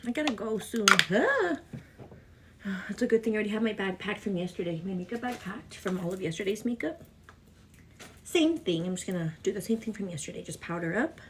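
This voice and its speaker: A chatty young woman vlogging casually while doing her makeup, laughing often and quoting herself in a higher voice. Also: lively intonation, fast talker, a little hiss or hum.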